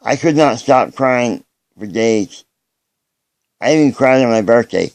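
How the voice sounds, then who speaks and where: A man recording a personal video message, speaking earnestly and haltingly, often restarting his sentences. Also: mid-range voice, animated, a little mellow, dry recording.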